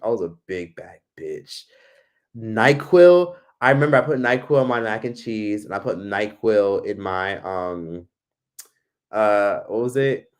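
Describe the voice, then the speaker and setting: A man hosts a casual livestream, reading and answering viewer comments in a chatty, animated way while swearing freely. His voice is on the low side and a little slow.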